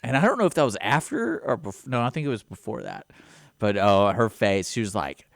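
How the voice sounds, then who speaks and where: A man's voice: mid-range voice, fairly quick, vocal fry, dry recording. A man co-hosting a radio talk show, telling childhood stories and acting out family members' lines in a casual chat. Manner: animated storyteller who acts out family quotes. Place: radio studio.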